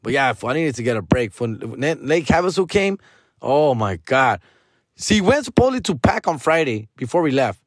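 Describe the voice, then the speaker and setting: A man's voice: mid-range voice, moderate pace, dry recording, studio quality. A man hosting a podcast, ranting casually about a friend and mixing in Spanish slang. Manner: animated, mixes in Spanish slang, acts out his friend's nagging. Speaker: podcast host. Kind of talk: casual storytelling rant.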